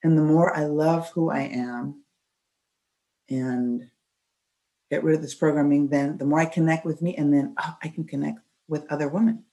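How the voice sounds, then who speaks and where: A woman's voice: sits low, fairly even intonation, normal speed, warm tone, poor audio. A woman hosting a podcast, earnest and emphatic, talking from her own life as a mother. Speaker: podcast host. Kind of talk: casual chat.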